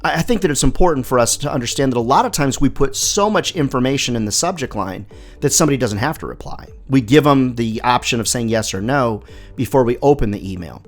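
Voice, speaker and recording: A man's voice: mid-range voice, expressive, quick pace. A middle-aged man hosting a solo question-and-answer show as a sales coach, chatty and upbeat with friendly asides.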